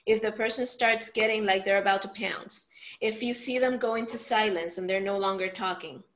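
A woman's voice: mid-range voice, normal speed, poor audio. A woman teaching a workshop on family communication, acting out example lines and checking in with "right?" often. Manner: animated, acts out example lines, frequent "right?" check-ins. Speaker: communication coach.

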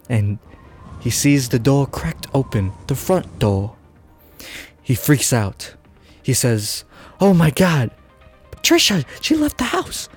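A man's voice: medium pitch, a little mellow. A man hosting a podcast, making up a silly story, rambling and laughing at himself. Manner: rambling, giggly, self-interrupting. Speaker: podcast host. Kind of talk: improvised comic storytelling.

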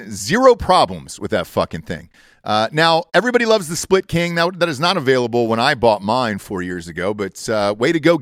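A man hosts a podcast in a brash, profane way, mixing crude jokes with fast sponsor reads. His voice rises and falls a lot. The sound is dry and close. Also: medium pitch, a bit bright, dry recording. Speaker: podcast host. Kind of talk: crude casual chat and ad reads.

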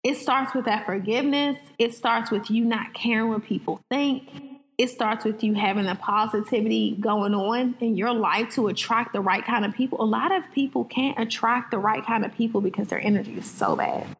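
A woman's voice: on the high side, normal speed, long reverb tail, rough recording. A woman guest on a podcast, telling stories animatedly and acting out the dialogue. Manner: animated storyteller, acts out quoted dialogue. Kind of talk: conversational podcast talk.

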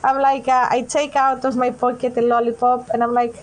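A woman's voice: a little high, little pitch movement, a little fast, rough recording. A woman as a player in a tabletop role-playing game, talking casually and hesitantly. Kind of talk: tabletop role-play chat.

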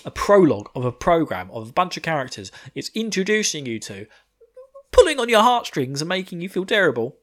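A man's voice: on the high side, big pitch swings, brisk. Laughing, rambling man recapping anime. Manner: rambling, laughs often, swears casually. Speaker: podcast host. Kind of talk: casual anime episode recap.

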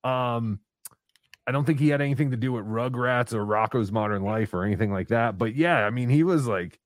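A man's voice: fairly quick, no room sound, clean studio sound. A man hosting a casual podcast chat, joking around and breaking into silly impression voices. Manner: jokey, swings into high silly impression voices. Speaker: podcast host.

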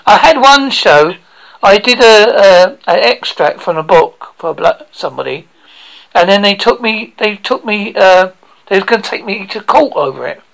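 Gravelly-voiced Devon man hosting. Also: sits high, lively intonation, moderate pace, fairly bright tone, rough recording. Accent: Devon English. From England. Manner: joking, chatty storyteller. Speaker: radio show host. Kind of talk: casual interview chat.

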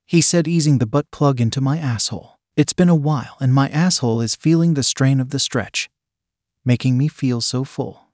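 A man narrating a first-person erotic story in a steady, unhurried reading voice. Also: mid-range voice, no echo, studio quality.

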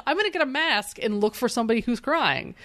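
A woman's voice: on the high side, lively intonation, fairly bright tone. A woman in her thirties co-hosting a podcast, chatting casually about an old comic, laughing often and acting out the characters. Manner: giggly, acts out characters in quick asides. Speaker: podcast co-host.

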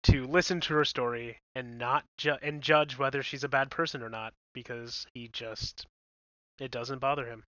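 A man's voice: medium pitch, fairly even intonation, normal speed, sharp tone, dry recording, highs cut off. A man co-hosting a casual, crude film recap chat, blunt and chuckling. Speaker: podcast co-host.

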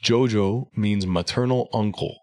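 A man with a lowish voice telling a story in loose, casual talk. He gets animated and swears freely, and the sound is dry and close. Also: unhurried, dry recording. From New York area. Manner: animated, swearing, acts out quoted family voices. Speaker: podcast guest.

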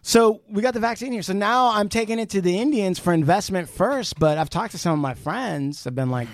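A man co-hosting a podcast, retelling a conversation in casual, animated chat, swearing freely and restarting sentences. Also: high-pitched, fairly quick, hardly any pauses. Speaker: podcast co-host.

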